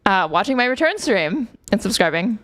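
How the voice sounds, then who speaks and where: A woman's voice: medium pitch, very animated, normal speed, fairly bright tone. A woman streaming, reacting to a podcast with sarcastic, swear-filled casual commentary full of "like" fillers.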